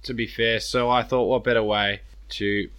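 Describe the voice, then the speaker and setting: A man's voice: mid-range voice, flat delivery, normal speed, fairly bright tone, clear, resonant tone. Wry Australian man hosting a quiz. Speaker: podcast co-host, quiz host. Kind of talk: casual footy banter.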